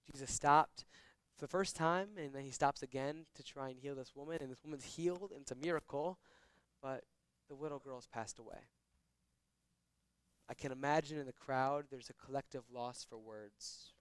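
A man reading scripture verses aloud and explaining them in a relaxed, conversational teaching style. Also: mid-range voice, clear, resonant tone, no echo. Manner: reads verses slowly then explains in casual, conversational asides. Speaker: Bible teacher.

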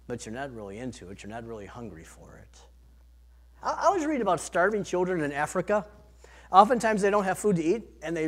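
A man preaching a sermon, earnest, rising to emphatic peaks and then dropping soft. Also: high voice. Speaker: pastor.

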